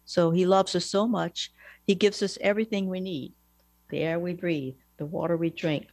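A woman, a mother superior, giving a gentle and earnest devotional teaching with small fillers. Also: on the low side, fairly even intonation, moderate pace, no echo.

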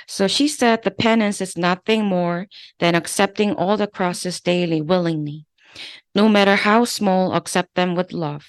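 A woman with a Korean accent reads devotional passages aloud at an easy, deliberate pace. She is a religious sister, steady and careful, with small restarts along the way. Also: fairly low pitch, smooth, dry recording. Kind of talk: reading devotional texts aloud.

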